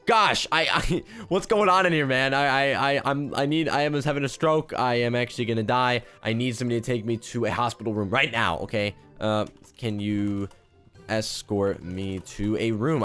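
A man's voice: medium pitch, fairly bright tone. A young man joking and rambling through casual gameplay commentary, with frequent restarts. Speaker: gaming YouTuber.

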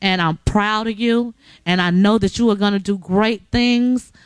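A woman's voice: medium pitch, fairly even intonation, unhurried, clean tone, no echo. A woman at a recovery center speaking in an emotional, encouraging way to a graduate as she gives her an award. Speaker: recovery center staff member giving award. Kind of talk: heartfelt address to a graduate.

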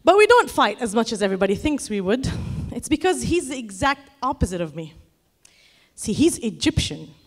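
A woman performing a stand-up comedy set on stage, telling an animated story and shouting the lines she acts out. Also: a little high, normal speed, soft background music. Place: comedy stage before a live audience.

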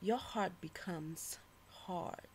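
A woman performing her own spoken-word poem with passion and a preaching tone, dropping to whispers and then rising to loud declarations. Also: lowish voice, drawn-out words, a little hiss or hum. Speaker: poet. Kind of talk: spoken-word poetry recital.

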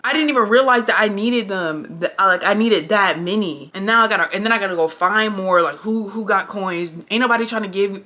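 A young woman with a bright, ringing voice tells a personal story straight to camera. Her delivery is animated and blunt, full of swearing. She sounds casual and close to the mic indoors. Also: medium pitch, a little fast, hardly any pauses. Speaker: vlogger. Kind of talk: casual storytime while getting ready.

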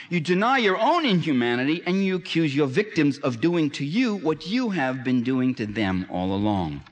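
A man's voice: a little high, in a large hall. A man giving a public lecture in an emphatic, sarcastic manner that rises to impassioned.

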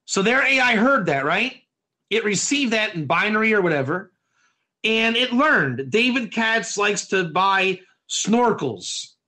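A rabbi teaches a Torah study class using modern analogies, speaking slowly in a high, bright voice whose lively pitch rises and falls. He quizzes his audience with frequent questions and often repeats or restarts a phrase before continuing.

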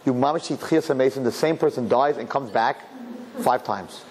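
A male rabbi giving a lively, humorous sermon full of rhetorical questions and Hebrew and Yiddish terms. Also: mid-range voice, moderate pace, background noise.

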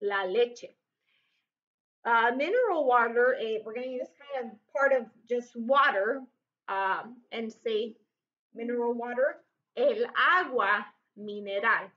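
A woman teaching a recorded Spanish vocabulary lesson, speaking slowly and clearly and repeating each word several times. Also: a little high, sharp tone, muffled recording.

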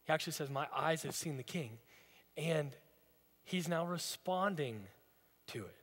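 A man's voice: a little high, expressive, unhurried, fairly bright tone, big-room sound. A man preaching a sermon as a pastor, in a conversational, storytelling way. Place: church sanctuary.

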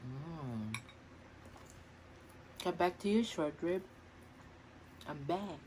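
Slow, low-voiced woman on a mukbang. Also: a little hiss or hum. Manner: excited, murmuring between bites. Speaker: food vlogger. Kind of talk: mukbang eating vlog. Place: home kitchen.

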